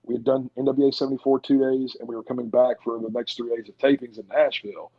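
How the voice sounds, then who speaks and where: A man's voice: medium pitch, fairly even intonation, fast talker, slightly rough. A man, a podcast guest, telling laid-back stories in casual interview chat. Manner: laid-back storytelling with drawled quotes. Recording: dull lo-fi sound.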